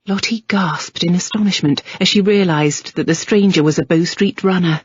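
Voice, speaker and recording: A woman narrating a novel in a measured, steady way, with a husky, breathy tone at a middle pitch. The recording is dry and a little muffled. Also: no room sound. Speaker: audiobook narrator. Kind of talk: scripted narration.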